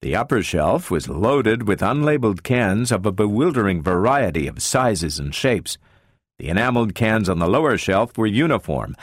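A man narrating an audiobook with an expressive, varied storytelling delivery. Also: on the low side, no room sound, clean studio sound.

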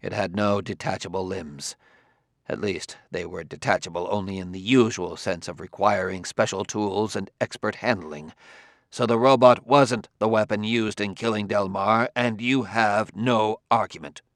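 A man voicing a proud male roboticist who answers stiffly and defensively, often lower and quieter than the narration. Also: moderate pace, no echo, studio quality. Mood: tense.

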